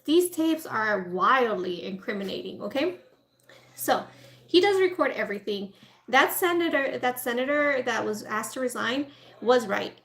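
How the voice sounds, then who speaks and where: Chatty woman vlogger, slightly high voice. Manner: chatty, informal, lots of "like" and "right?"; acts out people in quoted asides. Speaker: food vlogger. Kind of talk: casual storytelling while eating.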